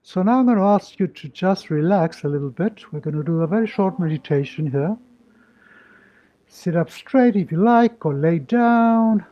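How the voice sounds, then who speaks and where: Soothing male meditation teacher, lo-fi. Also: a little high. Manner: slow, soothing, gently instructive. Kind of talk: live-streamed guided meditation. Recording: dull lo-fi audio with music. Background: soft meditation music.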